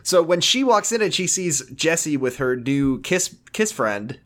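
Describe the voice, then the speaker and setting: A man's voice: fairly high pitch, sing-song, a little slow, fairly bright tone. A man chatting casually on a podcast, recapping a show and acting out characters' lines in silly voices. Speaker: podcast co-host.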